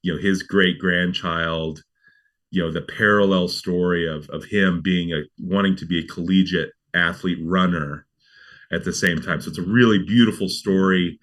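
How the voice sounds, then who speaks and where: Low-voiced man, rambling festival guest. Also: fairly even intonation, moderate pace, fairly bright tone. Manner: rambling, many fillers and restarts. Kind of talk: casual interview chat.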